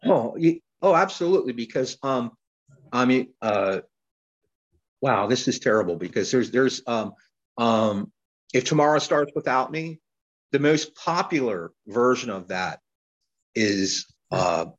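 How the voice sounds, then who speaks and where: A man talking as a guest poet in a casual interview, rambling and halting with lots of fillers and restarts. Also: medium pitch, animated, lo-fi sound.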